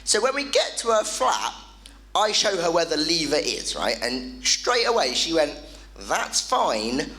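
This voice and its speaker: A male comedian telling an animated stand-up story on a club stage, punchy and quick to the punchline. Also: on the high side, rough recording. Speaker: comedian and compere.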